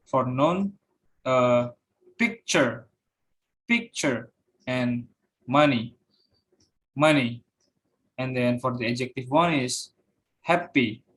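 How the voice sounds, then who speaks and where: A young man giving a class presentation, reading out points with frequent fillers and repeating each example word. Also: medium pitch. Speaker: student presenter.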